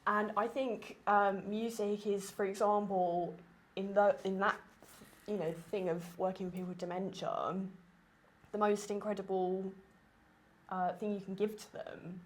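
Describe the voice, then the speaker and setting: A woman's voice: mid-range voice, unhurried. Casting: woman podcast host, nasal and congested, tired, chatty with lots of fillers. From Essex, England. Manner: chatty, animated, many fillers. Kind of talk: casual conversation.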